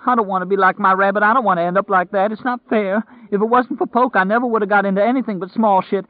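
A man performing a broken, starving prisoner who pleads in a high, quavering whine for an audiobook. The voice sits far above a plain man's register. The sound is dry and thin, as if heard through a phone line. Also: expressive, moderate pace, no room sound. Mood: pleading, terrified. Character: starving terrified male prisoner, whiny and desperate.

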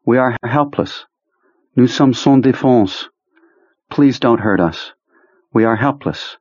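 A man's voice: mid-range voice, takes it slowly, darkish tone, breathy edge, no room sound, dull audio, voice pushed up. A man voicing a frightened, pleading young man.

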